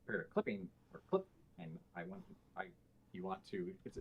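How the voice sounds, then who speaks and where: A man's voice: low voice, sing-song, a little fast, vocal fry, a little hiss or hum. A man in casual podcast chat, explaining things at length with many fillers and restarts. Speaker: podcast guest.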